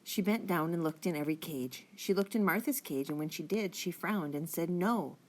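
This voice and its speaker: A woman reads a children's chapter book aloud with a clear, steady storytelling manner. Her voice sits on the low side for a woman. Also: brisk. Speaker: audiobook reader.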